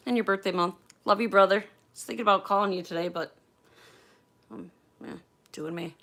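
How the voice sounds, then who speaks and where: A woman's voice: medium pitch, fairly quick, long pauses, fairly bright tone. A woman chatting candidly on a casual livestream from her phone at home, swearing freely as she talks. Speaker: livestream host.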